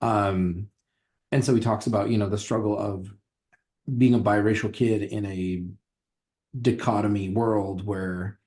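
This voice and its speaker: A man with a lowish, mellow, relaxed voice talks casually on a podcast. He is a history teacher, and he rambles through his thoughts with restarts and a lot of fillers. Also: unhurried.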